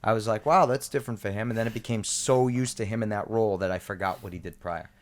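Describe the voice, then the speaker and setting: A man's voice: lowish voice, fast talker. A man co-hosting a podcast in casual chat, easygoing and agreeable, mostly giving short replies. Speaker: podcast co-host.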